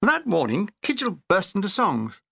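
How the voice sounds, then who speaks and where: Brief: older male author-narrator, bright lively voice, dry comic timing, close dry recording. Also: sits high, normal speed, vocal fry, husky, no room sound. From Britain. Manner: comic, dry, animated delivery. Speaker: author reading his own memoir. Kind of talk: audiobook narration with character voices.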